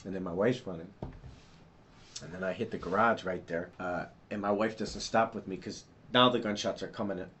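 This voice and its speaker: A man giving a rambling, fast account to police as a witness, restarting sentences and sketching a map while he talks. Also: low voice, fairly even intonation, a bit bright, slight background noise. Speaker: witness being interviewed by police. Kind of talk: police interview statement.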